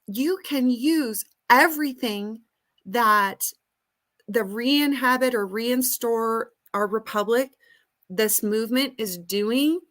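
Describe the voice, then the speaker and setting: A woman's voice: fairly high pitch, takes it slowly, fairly bright tone. A woman hosting a live question and answer session, lecturing in an earnest, emphatic way. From United States. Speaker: host answering audience questions. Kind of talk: live Q and A talk.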